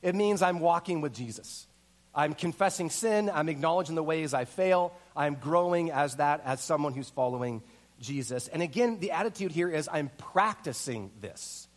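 Middle-aged guy preaching, fairly high voice, big swings up and down as he tells a story. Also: moderate pace. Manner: animated storyteller, acts out voices and quotes. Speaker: pastor. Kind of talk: sermon with personal story.

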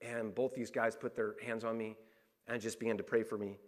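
A man's voice: on the low side, little pitch movement, fairly quick. Candid middle-aged man preaching a sermon. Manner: personal and candid, many restarts and fillers; repeats phrases for emphasis. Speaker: pastor.

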